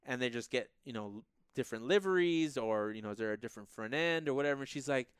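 A man's voice: medium pitch, expressive, fast, clear, resonant tone, dry recording, studio quality. A man co-hosting a car podcast, telling a story in casual chat and acting out what people said. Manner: storytelling, acts out quoted people. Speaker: podcast co-host.

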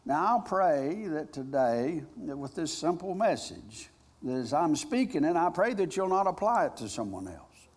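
A male pastor preaching, with a voice that sits a little higher than most men's. He tells his story dramatically, swinging from loud, urgent lines to quiet, hushed ones. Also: sing-song, moderate pace. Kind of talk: sermon with a retold personal story.

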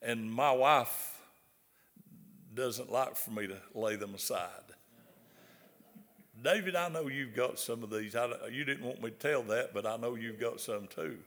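A man's voice: mid-range voice, a little slow, fairly bright tone. An older man with a Southern US accent, preaching a folksy sermon and often asking his listeners questions. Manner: folksy, repeats words, asks the audience questions. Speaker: pastor. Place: large hall. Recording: long hall reverb.

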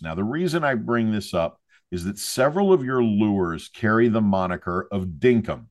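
A man hosting a fishing podcast, interviewing a guest and telling stories in a wry, self-deprecating way. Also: on the low side. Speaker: podcast host.

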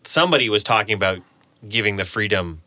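A man who leads a game studio and hires contractors chats casually on a podcast, animated and acting out quotes in a raised voice. He speaks fast in a voice on the low side, with no echo.

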